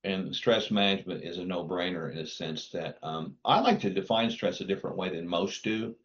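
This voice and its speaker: A man's voice: low-pitched, fairly quick, fairly bright tone, highs cut off. A man speaking as a guest on a podcast, a physician who lays out his points in firm, teaching declarations. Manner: emphatic, didactic, firm declarations. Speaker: physician and wellness clinic founder.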